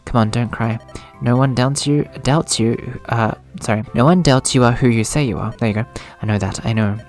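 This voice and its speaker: A man reading the lines of a gentle, kind young male monk who speaks softly and reassuringly. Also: mid-range voice, normal speed, soft background music, lightly acted. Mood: soothing. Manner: soft, reassuring.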